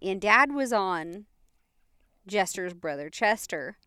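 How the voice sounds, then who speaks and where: A woman telling a story in casual chat, animated and laughing often, with playful sound effects. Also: mid-range voice, slow pace, clean tone, dry recording, clean studio sound.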